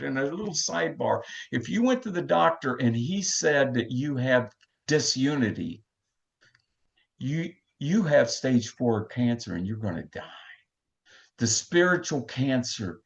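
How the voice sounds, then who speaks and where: A man's voice: medium pitch, expressive, measured pace, creaky. An older man gives a passionate, emotional storytelling talk as a recovery meeting speaker. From Texas. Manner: passionate, emphatic. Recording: dull lo-fi recording.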